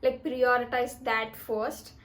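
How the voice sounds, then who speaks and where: Woman, twenties, slightly high voice, chatty, emphatic, casual vlog advice. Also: flat delivery, slow, fairly bright tone. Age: 20s. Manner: chatty and emphatic, talks while eating. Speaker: vlogger.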